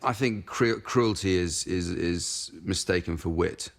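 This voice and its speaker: A man, a comedian, giving a measured, thoughtful opinion in an interview. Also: low voice. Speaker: comedian guest.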